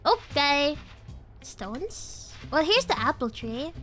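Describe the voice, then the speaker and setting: Giggly, bright young woman streaming. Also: sits high, very animated, takes it slowly, soft background music. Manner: giggly, playful, slangy. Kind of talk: live game stream commentary.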